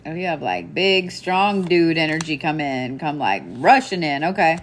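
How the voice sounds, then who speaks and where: Chatty low-voiced woman doing readings. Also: lively intonation, normal speed, slight background noise. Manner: casual, chatty, laughs often, swears. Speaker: psychic medium. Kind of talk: live-streamed reading.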